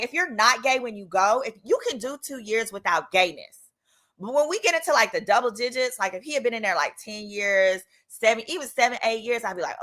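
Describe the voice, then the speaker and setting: Woman host, storyteller, high-ish and bright, playful and comic. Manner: animated, playful, acts out quoted voices. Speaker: attorney and channel host. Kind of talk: casual comedic storytime.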